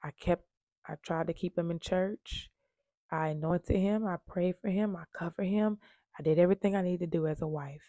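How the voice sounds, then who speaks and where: A woman's voice: fairly low pitch, normal speed, mellow, no echo. A woman earnestly telling her own story of surviving domestic violence, with emphatic repetition. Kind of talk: emotional personal storytelling.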